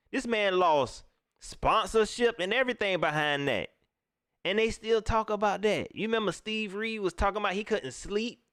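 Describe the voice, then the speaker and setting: Male stream host, animated and playful, dry close sound. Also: high-pitched, clear, resonant tone, no room sound. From South Carolina. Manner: loose and laughing, with playful mock voices and repetitions. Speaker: host of a live sports talk stream. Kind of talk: casual live-stream chat, reading viewer comments.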